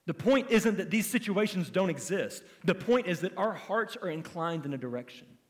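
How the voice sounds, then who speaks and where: High-voiced male preacher in a reverberant hall. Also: very animated, moderate pace. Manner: earnest, emphatic teaching with rhetorical questions. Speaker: pastor. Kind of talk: expository sermon.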